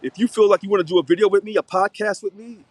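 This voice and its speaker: A man speaks in a high, dry voice, very close to the mic, in an unscripted video monologue. He preaches with fire and repeats himself, leaning on the same phrases over and over. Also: quick pace, darkish tone, dry recording. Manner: preachy, fiery, repetitive. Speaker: local union president.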